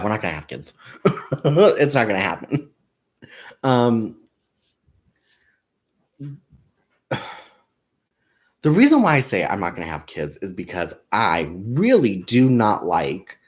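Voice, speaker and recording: A man's voice: fairly low pitch, very animated, takes it slowly, pauses often. A man hosting a crafting livestream, chatting casually and self-mockingly and laughing often. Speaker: crafting channel host.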